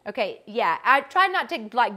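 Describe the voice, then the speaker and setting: A woman's voice: fairly high pitch, big pitch swings, moderate pace, bright, forceful tone. A middle-aged woman with a Georgia accent, teaching a group as a vocal coach in a chatty, folksy way. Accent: Southern US, Georgia. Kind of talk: live teaching session.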